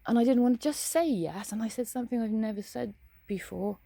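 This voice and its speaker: A young woman talks straight into the camera in a blunt, sweary rant. Her voice has a gravelly fry and a mellow, low-brightness tone. The sound is dry and close, with little room echo. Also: brisk. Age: young adult. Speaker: vlogger. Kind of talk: casual ranting monologue.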